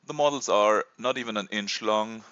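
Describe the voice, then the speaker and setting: A man in his thirties from Germany with a German accent, hesitantly presenting a casual toy review with many pauses and fillers. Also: lowish voice, a bit bright, clean tone, dry recording, highs cut off. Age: 30s. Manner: hesitant, many ums and uhs.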